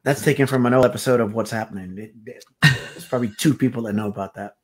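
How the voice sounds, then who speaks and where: A man's voice: medium pitch, fast talker, slightly rough. A man co-hosting a podcast, talking in a reflective way that drifts onto tangents. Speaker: podcast co-host. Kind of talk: casual podcast chat.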